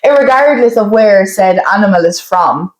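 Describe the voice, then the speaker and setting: A woman's voice: medium pitch, expressive, moderate pace. A young Irish woman co-hosting a podcast in casual chat, frank and joking as she leads the segments. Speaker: podcast co-host. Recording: roomy with faint background noise.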